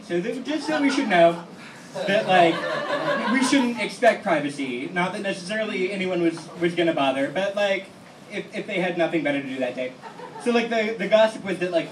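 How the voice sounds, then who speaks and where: A young man in his twenties tells stories on a lounge stage, rambling and self-deprecating, his voice sitting a touch high. The recording catches him from across an echoey room. Steady noise hangs under everything. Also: recorded from a distance. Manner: rambling, self-deprecating, many fillers and restarts. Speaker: stand-up comedian. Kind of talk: stand-up comedy set. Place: small lounge venue with a live audience. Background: room ambience and audience noise.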